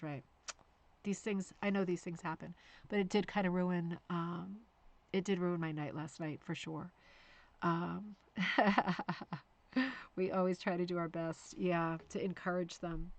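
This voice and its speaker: A middle-aged woman hosting a casual live-stream chat about rug hooking, chatty and self-deprecating, with frequent fillers and restarts. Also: lowish voice.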